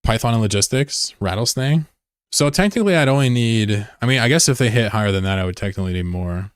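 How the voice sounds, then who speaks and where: Low-voiced joking male streamer, dry sound. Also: lively intonation, fast, clean tone, dry recording. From United States. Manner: joking, rambling, answers chat messages. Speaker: live streamer. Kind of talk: casual live-stream chat.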